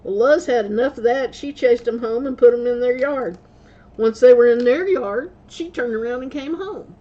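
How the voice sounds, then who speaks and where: Mellow-voiced woman telling stories casually. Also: on the high side, normal speed, dull audio. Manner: rambling, laughs often, self-corrects. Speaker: vlogger. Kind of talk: casual storytelling.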